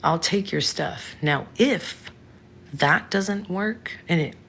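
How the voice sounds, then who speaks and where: A woman in her thirties hosts a casual livestream, chatting frankly and answering viewers by name. Her voice is lowish and fairly bright, animated yet slow, with slight background noise.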